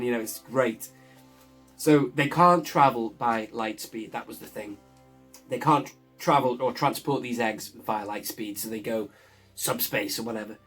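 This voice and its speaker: A man gives a loose, excited recap of a show episode, chuckling as he goes. His voice sits at an ordinary middle pitch. Soft guitar music plays faintly underneath. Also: moderate pace, breathy edge. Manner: enthusiastic, chuckles often while recounting. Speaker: show reviewer.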